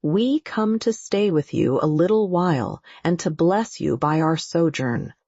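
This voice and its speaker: A woman's voice: lowish voice, a little slow, mellow, husky, no echo. A woman voicing a middle-aged male hunter who speaks to frightened strangers in a pompous, imperial tone. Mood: grandiose. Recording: dull, muffled audio.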